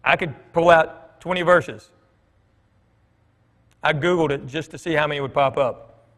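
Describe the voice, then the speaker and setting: At a measured pace, a middle-aged man with a slightly high, fairly bright voice gives a conversational sermon as a church guest speaker. He spins folksy anecdotes and acts out others' lines in dialogue. The church hall setting brings a long reverb.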